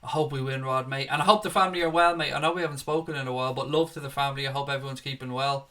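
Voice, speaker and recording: A man's voice: medium pitch, fairly even intonation, rapid-fire, sharp tone. A young man hosting a live fan show, chatting casually as he reads out viewer comments and calls them mate. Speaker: fan channel host. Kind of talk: live stream chat reading viewer comments.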